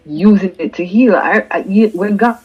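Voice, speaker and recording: A woman's voice: mid-range voice, normal speed, breathy edge, muffled recording. A Jamaican woman, a singer-songwriter, talking earnestly and emphatically in a casual interview, often repeating words as she builds a point.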